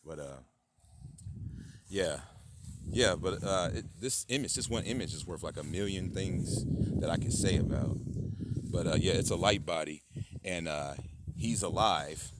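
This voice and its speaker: This channel host speaks unhurriedly and pauses often against a noisy background. His monologue meanders with many fillers and is punctuated by sudden, loud, high-pitched mock voices.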